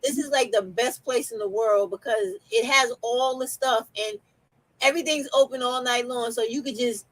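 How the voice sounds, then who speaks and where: A woman with a New York accent hosts a casual conversation, speaking bluntly and directly and swearing without hesitation. Her voice sits a little high, and the recording is dry and close. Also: normal speed, fairly bright tone, no echo, low-quality recording. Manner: blunt, outspoken, swears freely. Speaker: host. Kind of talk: casual chat.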